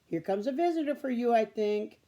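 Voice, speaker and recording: Woman doing a loud German farmer. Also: fairly high pitch, expressive, brisk, voice pushed up, close to an everyday voice. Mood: hearty. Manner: loud and hearty. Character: large older German farmer, big loud voice.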